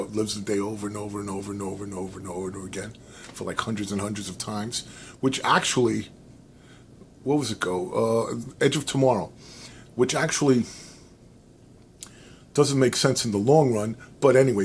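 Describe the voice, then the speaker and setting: An American man talking casually to camera, rambling and animated, with many restarts and fillers, giving his opinions. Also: lowish voice, slight background noise. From United States. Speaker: vlogger.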